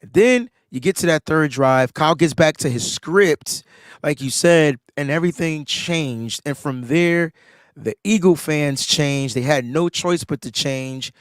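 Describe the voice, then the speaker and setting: A man co-hosting a podcast tells a sports story in casual conversation, getting animated and climbing in pitch as his excitement builds. He sounds slightly under the weather and speaks unhurriedly. The studio recording is clean, with no echo.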